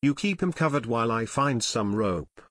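A man voicing a gruff, hostile male ex-convict in an audiobook, snapping out threats. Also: medium pitch, expressive, moderate pace, a bit bright, no echo.

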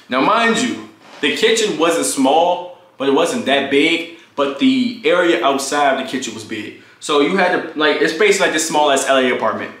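Profane young man telling a story. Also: reverberant. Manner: animated, profane, acts out quotes in high voices. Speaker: storytime vlogger. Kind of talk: casual storytelling.

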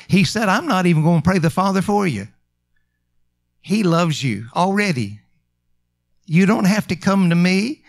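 A male pastor with a high, light voice delivers a sermon. He stretches key phrases out slowly and lifts them into emphatic calls, then drops back to a quieter, confiding tone. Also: vocal fry. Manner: emphatic preaching, drawn-out slow phrases and rising calls.

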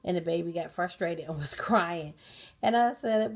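Hosting a bedtime talk channel from a dim bedroom at night, this American woman sounds sleepy and tired as soundscapes play. Her voice sits on the low side and moves at normal speed, relaxed and chatty, full of fillers and laughs.

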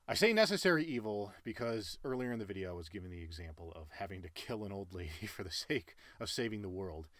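A man in his late twenties talking earnestly and emphatically about life lessons, with sudden loud jumps in pitch. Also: no room sound. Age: late 20s. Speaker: cartoon channel creator. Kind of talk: personal life-lessons monologue.

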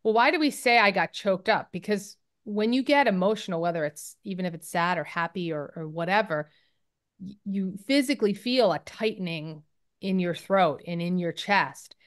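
A woman's voice: mid-range voice, lively intonation, normal speed. A woman occupational therapist explaining her work in a casual interview, thoughtful with many fillers and restarts.

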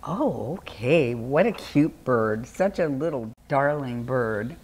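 A woman's voice: very deep voice, animated, slow pace, darkish tone, slightly rough, heavily acted, rough recording. A woman voicing a young boy who is guilty and scared, speaking in earnest, childlike exclamations in a storybook tale. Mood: cheerful.

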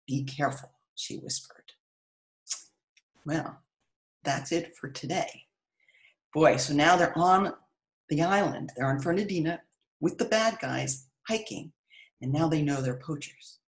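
A woman's voice: low voice, measured pace, long pauses, rough recording. A middle-aged woman, an author reading her story aloud expressively and then chatting with viewers of a live stream.

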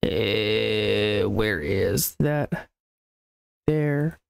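Slow-talking man streaming a game. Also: lowish voice, lively intonation, gravelly, smooth, no room sound. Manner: muttering to himself while browsing. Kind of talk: casual live-stream commentary.

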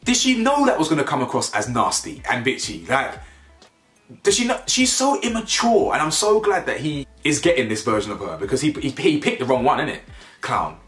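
A man's voice: medium pitch, sing-song, fairly quick, fairly bright tone, echoey room, faint music behind. A young man giving a casual, slangy reality-show review, laughing often and repeating his words. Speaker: TV review vlogger. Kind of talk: casual reaction commentary.

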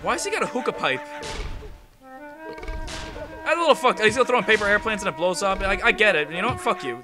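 Loud swearing gamer man. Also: sits high, fast, long pauses, music in the background. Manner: loud, excitable, swearing, shouting at the game. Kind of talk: profane let's-play commentary.

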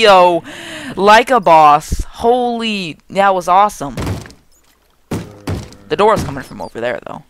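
A young man hosting a gaming channel, giving jokey, excitable let's play commentary and talking to the game's monsters. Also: sits high, slight background noise.

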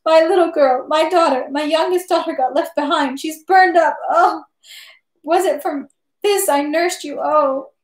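A woman voicing a distraught middle-aged mother who pleads and wails in a high, shaky voice. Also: fairly even intonation, normal speed, darkish tone, roomy sound, natural voice. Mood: wailing.

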